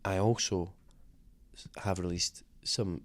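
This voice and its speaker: A man's voice: low-pitched, steady tone, takes it slowly. A man being interviewed as a singer, talking casually in a rambling, self-deprecating way with many fillers and restarts.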